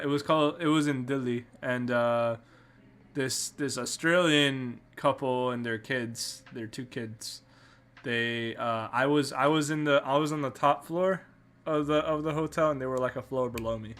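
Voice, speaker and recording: A man's voice: medium pitch, a little slow, a bit bright. A man with a Canadian accent hosting a podcast, telling a travel story in a rambling way with many restarts and fillers. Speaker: podcast host.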